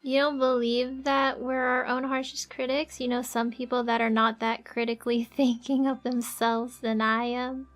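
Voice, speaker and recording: A woman streamer chatting casually with her viewers, giggling often and thinking out loud as she works. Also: on the high side, level tone, moderate pace, hardly any pauses. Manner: chatty, giggly, thinks aloud while drawing. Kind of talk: casual livestream chat with viewers.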